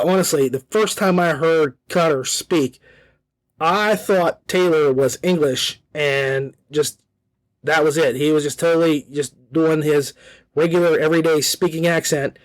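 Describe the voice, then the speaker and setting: Upbeat, slightly high-voiced male podcast host. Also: no room sound. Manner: enthusiastic, chatty, repeats himself. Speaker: podcast host reviewing audiobooks. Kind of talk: casual spoken review.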